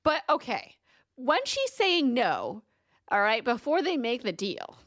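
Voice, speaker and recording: A woman co-hosting a book podcast, retelling chapters in a casual, animated way and laughing often. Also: a little high, measured pace, dry recording, studio quality.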